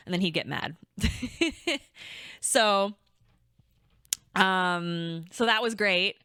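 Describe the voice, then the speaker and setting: A woman's voice: mid-range voice, unhurried, long pauses, bright, forceful tone, clear, resonant tone, dry recording, studio quality. A young woman co-hosting a podcast, telling a story casually and rambling, full of "like" and restarts. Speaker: podcast co-host.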